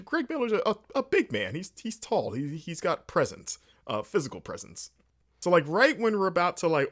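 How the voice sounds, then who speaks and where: A man hosting a casual games talk show, telling an anecdote with many fillers and restarts and acting out bits of dialogue. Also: medium pitch. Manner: animated storytelling with many fillers and restarts, acting out quoted exchanges. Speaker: host. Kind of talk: casual rambling monologue.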